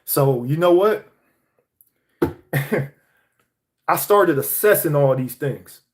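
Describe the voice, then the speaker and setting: A man's voice: a little high, lively intonation, slow. A young man from Atlanta, delivering a heated, profane motivational monologue.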